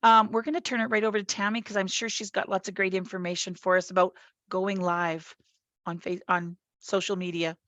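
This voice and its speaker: Hoarse woman giving a welcome. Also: mid-range voice, flat delivery, brisk, no echo. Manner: warm, brief, self-deprecating. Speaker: organization representative. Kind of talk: welcome remarks. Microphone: video call.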